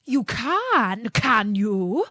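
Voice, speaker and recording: A woman voicing a menacing male wolf in a storybook, slow and threatening. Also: on the high side, sing-song, pushed and bright, dry recording, studio quality, pitched above the performer's own voice, heavily acted.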